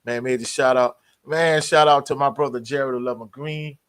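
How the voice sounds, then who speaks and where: A man hosts a live college sports stream with a relaxed, easygoing delivery. His speech is loose and slangy, and he keeps calling out to viewers in the chat. His voice sits at an ordinary mid pitch. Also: normal speed, clear, resonant tone. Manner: laid-back, slangy, greets chat members. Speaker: sports livestream host. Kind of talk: casual live sports talk.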